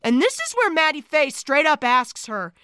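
A woman co-hosts a podcast and recaps a film in casual chat. Her voice is high and bright, and she tells the story in an animated, lively way. The recording sounds dry and close. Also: normal speed, no echo. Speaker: podcast co-host.

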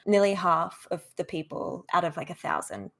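Co-host, woman with a lowish voice, excitable, says "like" a lot. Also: moderate pace, gravelly. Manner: excitable, sweary, chatty with fillers. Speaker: podcast co-host. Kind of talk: casual chat.

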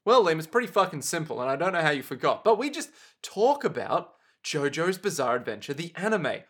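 A man co-hosting a podcast, trading jokes in loose, comedic chat. His voice sits a little high and swings widely in pitch. He swears freely and keeps the banter going. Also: brisk, breathy edge. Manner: jokey, animated, swears freely. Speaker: podcast co-host.

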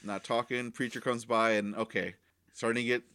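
A man co-hosting a podcast, recapping a TV episode in casual, animated chat. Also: medium pitch, moderate pace. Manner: animated retelling with acted-out dialogue. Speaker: podcast co-host reviewing TV episodes.

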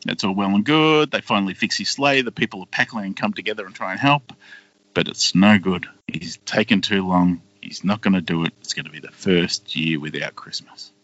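Podcast host, low voice, animated storyteller doing daft voices; dry, muffled recording. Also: male voice, moderate pace, dry recording. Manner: animated retelling with silly put-on character voices and swearing. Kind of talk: casual chat, retelling a cartoon plot.

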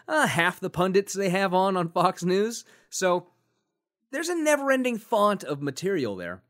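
Lively, animated man co-hosting a podcast. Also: high voice, normal speed. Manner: animated, joking, thinks aloud with fillers. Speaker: podcast co-host. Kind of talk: casual podcast chat.

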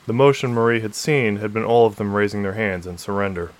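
A man narrating a science-fiction novel in a steady, measured reading. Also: fairly low pitch. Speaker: audiobook narrator. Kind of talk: scripted narration.

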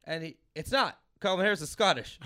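A comedian from Los Angeles, a man in his thirties, spinning a rambling story on his own podcast. His voice is bright and a touch high, and the words tumble out quickly. He is animated and laughs through his own telling. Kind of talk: casual storytelling chat.

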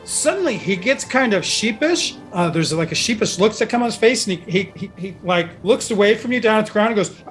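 A man's voice: high-pitched, animated, brisk, few pauses, fairly bright tone, soft background music. A man narrating a tabletop role-playing game as game master, describing the scene in a rambling way with lots of ums and restarts. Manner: rambling, many fillers and restarts.

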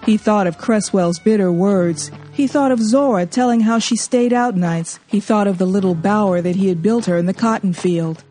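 Mellow-voiced woman reading a novel aloud. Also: medium pitch, normal speed, hardly any pauses, faint music behind. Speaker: audiobook narrator. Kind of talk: storybook reading.

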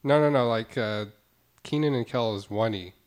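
A man's voice: medium pitch, moderate pace. A man chatting on a casual podcast, rambling and a bit sheepish as he explains himself.

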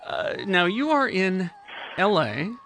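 A man's voice: high-pitched, very animated, slow, crowd noise. A man hosting a live radio show, joking around with plenty of fillers. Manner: playful, jokey, filler-heavy. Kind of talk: casual radio talk.

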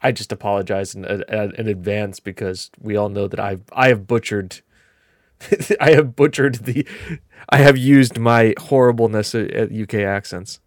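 A man's voice: on the low side, moderate pace, no echo, studio quality. A man with a New England accent hosting a podcast in casual, rambling chat, laughing at himself. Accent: New England American. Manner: rambling, laughing, self-deprecating.

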